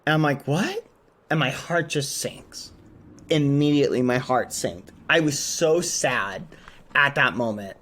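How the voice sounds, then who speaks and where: A man streaming, telling a story to his chat in an animated, exclamatory way while steering clear of swearing. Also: mid-range voice, unhurried.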